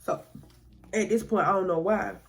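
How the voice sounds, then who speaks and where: A woman's voice: medium pitch, fairly even intonation, normal speed. A woman telling a personal story in a casual, slangy way, often acting out what other people said. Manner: slangy, conversational, acts out quoted voices. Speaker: storytime vlogger.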